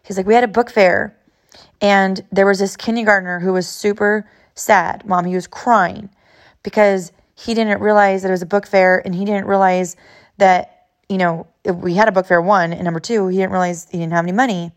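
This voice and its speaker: A woman's voice: mid-range voice, fairly even intonation, normal speed. A woman in her thirties from California, hosting a podcast and telling an emotional personal story in an earnest way, often repeating herself. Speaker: podcast host.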